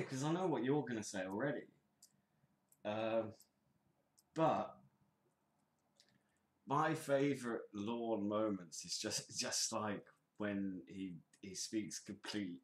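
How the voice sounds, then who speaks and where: A man's voice: on the low side, slow pace, long pauses. Guy on a chat show, swears a lot, takes the piss, roomy sound. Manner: crude, mocking, puts on voices to quote. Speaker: podcast co-host. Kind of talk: casual chat. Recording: roomy echo.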